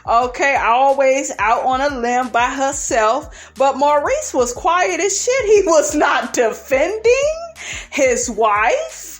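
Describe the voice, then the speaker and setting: A woman with a high, sing-song voice talks slowly over faint background music. Hosting a casual reality TV recap, she gossips in a sassy, blunt, profane way, swearing freely and tossing in "honey" and "okay."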